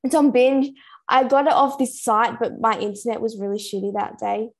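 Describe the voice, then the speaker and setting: A woman's voice: on the high side, moderate pace. A young woman co-hosting a podcast, playful and teasing in casual chat. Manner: playful, teasing, laughs easily. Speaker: podcast co-host.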